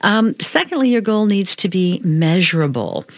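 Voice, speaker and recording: A woman's voice: fairly low pitch, expressive, moderate pace, dry recording. A middle-aged woman hosting a health talk show as a hypnotherapist, upbeat and coaching as she explains things step by step. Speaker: radio show host, hypnotherapist.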